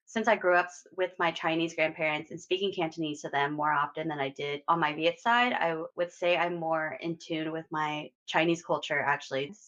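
Young woman, bright clear tone, lively storyteller, slightly dull recording, casual chat. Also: sits low, fairly quick, few pauses. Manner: animated storyteller, laughs often.

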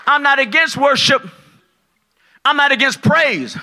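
A man preaching a sermon as pastor, loud and excitable, dropping from shouts to low asides and acting out the people in his stories. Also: measured pace, a faint crowd, a little hiss or hum. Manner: acts out dialogue in his stories. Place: large church hall at a conference.

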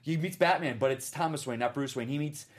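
A man's voice: fairly high pitch, brisk. A man co-hosting a casual panel chat about TV, explaining things with rambling enthusiasm. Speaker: TV podcast co-host.

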